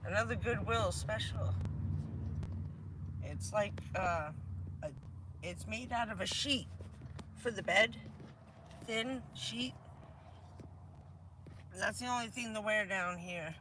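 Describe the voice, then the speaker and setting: A woman with a hoarse, stuffy voice from a cold, chatting casually on a vanlife livestream from her van, laughing often and answering her viewers. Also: medium pitch, slow, long pauses, noisy background. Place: inside a camper van.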